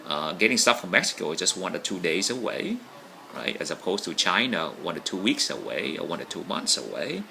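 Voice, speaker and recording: A man's voice: low voice, sing-song, fairly quick, creaky, bright, forceful tone, a little hiss or hum, rough recording. A man talking casually to camera in a rambling monologue, often checking in with "right?". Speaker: vlogger.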